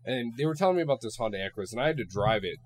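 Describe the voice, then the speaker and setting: A young man hosts a loose, casual podcast. He talks with plenty of swearing and animated emphasis when telling a story. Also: mid-range voice, rapid-fire. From Ohio, USA. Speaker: podcast host.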